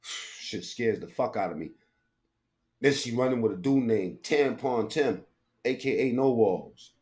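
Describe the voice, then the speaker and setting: A man's voice: medium pitch, animated, a little slow, a little mellow. A man commentating live on a stream, crude and mocking, rambling in heavy slang with frequent profanity.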